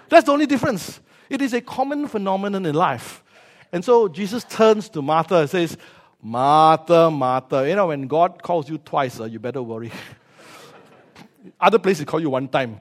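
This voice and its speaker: A man preaching a sermon, joking with the congregation and acting out scenes with sound effects. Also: high voice.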